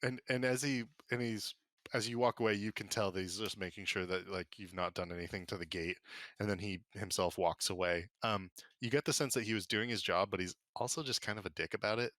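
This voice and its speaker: A man running a tabletop game as game master, narrating in a loose, casual way. His voice is low but bright and a little tense, and the recording is dry and close with no room sound. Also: steady tone, a little fast, dry recording.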